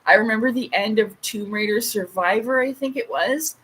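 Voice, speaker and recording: A woman's voice: on the high side, moderate pace, fairly bright tone, husky, low-quality recording. A woman in her late thirties hosting a casual livestream chat, a rambling storyteller with frequent asides. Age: late 30s. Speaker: livestream host.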